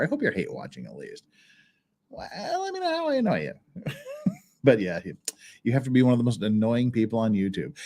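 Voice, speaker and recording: Sex: man. Role: livestream host. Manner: rambling, laughing, lively pitch. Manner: rambling, laughs often, many restarts. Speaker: channel host. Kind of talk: casual livestream chat reading viewer messages.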